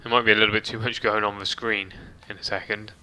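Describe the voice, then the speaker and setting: A man's voice: on the low side, level tone, fast talker, sharp tone. A man chatting casually as he streams a game, reading chat and swearing lightly, with faint game music behind. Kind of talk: casual gameplay commentary.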